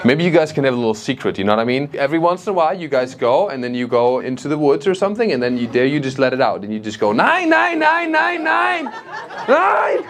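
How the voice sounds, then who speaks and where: A man's voice: medium pitch, lively intonation, rapid-fire, hardly any pauses. A man with a German accent doing stand-up crowd work, brash and teasing, often laughing at his own jokes. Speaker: stand-up comedian. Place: comedy club stage with audience.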